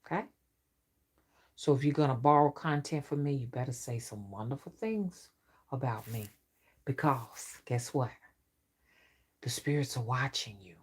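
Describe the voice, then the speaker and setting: A woman's voice: rumbling low, a little slow, pauses often, slightly rough. A middle-aged woman, telling a stern, warning story to her viewers in a casual monologue. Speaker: rootwork spiritual reader.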